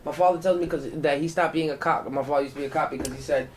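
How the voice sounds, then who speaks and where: A man's voice: a little high, fairly even intonation, a little hiss or hum. A man hosting a podcast, firing off casual questions and cutting in often. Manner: quick, interrupting questions. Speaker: podcast host. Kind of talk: casual interview chat.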